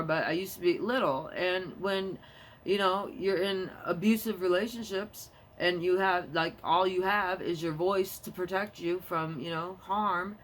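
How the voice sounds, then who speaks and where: A young adult woman talking to camera in a rambling casual monologue, jumping between topics and quick to get heated. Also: lowish voice, a bit bright. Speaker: vlogger.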